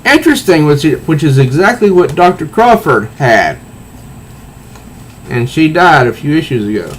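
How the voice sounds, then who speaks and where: A man casually reviewing a comic book and reading its panels aloud, halting often and restarting his sentences. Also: fairly high pitch, sing-song, a little hiss or hum. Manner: halting, with frequent restarts and fillers.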